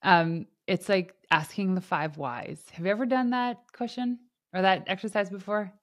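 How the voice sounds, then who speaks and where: A woman hosting a podcast in casual interview chat, animated and laughing often as she acts out what others said. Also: mid-range voice, normal speed, no room sound, clean studio sound. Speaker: podcast host.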